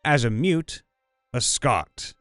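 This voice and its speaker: A man narrating viewer stories in a scripted voice-over, reading lively and sometimes slipping into put-on voices. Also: mid-range voice, takes it slowly, clear, resonant tone, dry recording. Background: faint background music.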